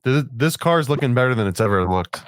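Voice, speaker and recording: A laid-back man comments on the game as he plays, joking and tossing in words like dude and man. His voice sits at an ordinary middle pitch for a man. He talks into a computer mic on a voice call. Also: lively intonation, a little fast, clean tone. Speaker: guest player in a gaming video. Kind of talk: casual gameplay chat.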